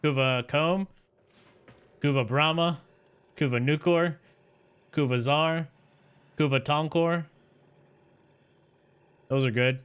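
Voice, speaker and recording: Bright, crisp-voiced male game streamer. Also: a little high, slow pace, pauses often. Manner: rambling, self-mocking, talks to chat. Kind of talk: casual game livestream chat.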